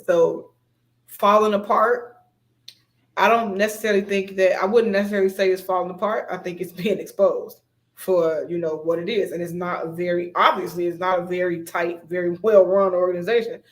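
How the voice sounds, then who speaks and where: A co-host in a casual TV recap chat, speaking in a thoughtful, measured way with hesitant pauses. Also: medium pitch, fairly even intonation.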